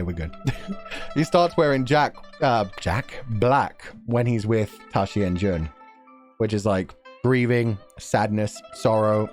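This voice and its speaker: A man reading a novel aloud on stream and reacting to it in a giggly, profane, excitable way. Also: on the low side. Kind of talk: casual stream commentary and read-aloud. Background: faint music.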